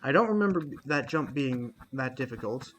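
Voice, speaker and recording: A man's voice: medium pitch, animated, a little fast, fairly bright tone, slight background noise. A man giving casual commentary while streaming a game, reacting aloud and talking to his chat.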